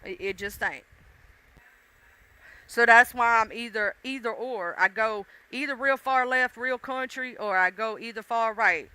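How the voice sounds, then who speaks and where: A Southern woman with a very bright, crisp voice, chatting loosely to her live-stream viewers. Her talk is folksy and sprinkled with casual cussing. The sound is dry and close, with no room echo. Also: on the high side, a little slow. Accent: Southern US, mixed country and urban. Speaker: livestream host.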